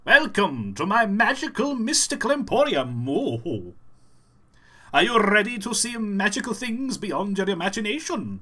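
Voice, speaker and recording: A man voicing an excitable, theatrical male shopkeeper of a magical emporium, in a high sing-song showman voice. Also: a little slow, exaggerated voice. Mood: grand welcome.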